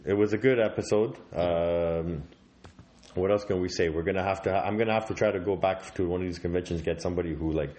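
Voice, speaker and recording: Excitable low-voiced man, swearing a lot. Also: fast. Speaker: podcast co-host. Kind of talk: improvised comedy podcast chat.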